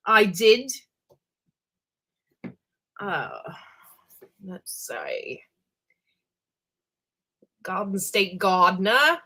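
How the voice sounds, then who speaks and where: A woman's voice: medium pitch, sing-song, drawn-out words, pauses often, bright, forceful tone. A woman hosting a casual livestream, rambling between asides and greeting viewers by name one by one, with plenty of ums and trailing thoughts. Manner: lots of fillers and trailing asides. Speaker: livestream host.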